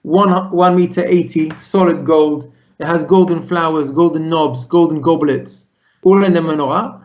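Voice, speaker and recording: A rabbi speaking at a moderate pace in a voice on the high side relates a Torah story to his congregation via video call. The retelling is animated as he acts out each character's lines, though the sound's upper frequencies are cut off.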